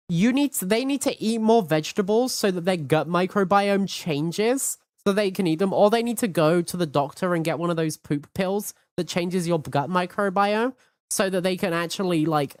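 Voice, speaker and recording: A woman's voice: on the low side, normal speed, a little mellow, no echo, clean studio sound. A woman streaming from home, chatting in a hyperactive, cheeky way and swearing freely. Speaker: VTuber streamer. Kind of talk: casual live-stream chat.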